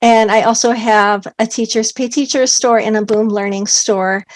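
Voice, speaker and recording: A woman's voice: a little high, moderate pace. A woman guest in an interview, a speech-language pathologist, talking in an upbeat way with frequent "um" fillers. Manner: upbeat, uses expressive example voices. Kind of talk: conversational interview.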